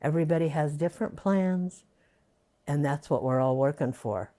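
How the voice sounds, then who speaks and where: A woman's voice: low voice, moderate pace, warm tone. An older woman being interviewed for an oral history, reminiscing in a rambling way with many fillers.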